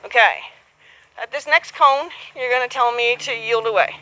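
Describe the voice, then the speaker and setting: A woman's voice: a little high, moderate pace, bright, forceful tone, rough recording. A woman coaching a horsemanship student outdoors, patient and encouraging, acting out both horse and rider as she explains. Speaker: horsemanship instructor. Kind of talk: hands-on coaching.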